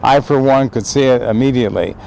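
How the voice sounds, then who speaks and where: A man's voice: mid-range voice, a little fast, vocal fry, a little mellow, a little hiss or hum, low-quality recording. An older American man giving an impassioned, emphatic speech outdoors on a city street, recorded on a homemade handheld camera. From United States. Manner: impassioned, emphatic, repeats phrases. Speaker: citizen vlogger. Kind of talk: impromptu political speech. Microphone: handheld homemade video camera.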